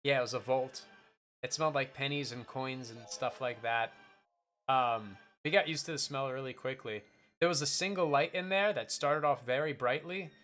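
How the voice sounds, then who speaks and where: A man's voice: mid-range voice, moderate pace, a bit bright, faint music behind. A man streaming, chatting casually and telling a rambling story with many restarts. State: voice changed by a bite on the throat.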